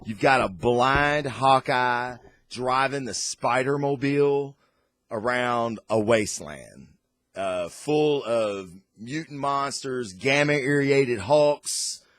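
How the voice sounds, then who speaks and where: A man hosting a casual comic and movie review, rambling and excitable, with lots of fillers and restarts. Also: mid-range voice, slow, no room sound. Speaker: host.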